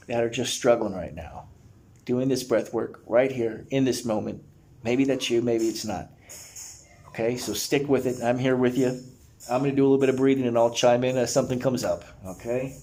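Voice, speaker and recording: A man's voice: mid-range voice, fairly quick, a little mellow. A man leading a guided breathwork session, earnest and encouraging, talking in a casual, slangy way to his listeners. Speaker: breathwork facilitator.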